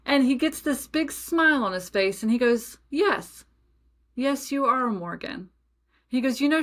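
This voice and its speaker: A young adult woman hosting a podcast, telling a personal story in a chatty, animated way with many asides. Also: fairly high pitch. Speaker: podcast host. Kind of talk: casual storytelling monologue.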